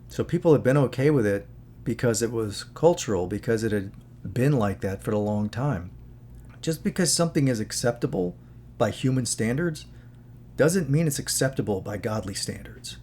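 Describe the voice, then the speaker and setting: Male host, casual moralizing commentary, mid pitch, rambling asides, slight background hum. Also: lively intonation, normal speed, a little mellow. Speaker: channel host.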